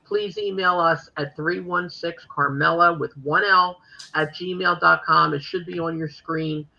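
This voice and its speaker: A woman's voice: fairly low pitch, fairly even intonation, measured pace, vocal fry, sharp tone. A woman hosting a talk show in casual chat, rambling with lots of fillers, on dull lo-fi audio.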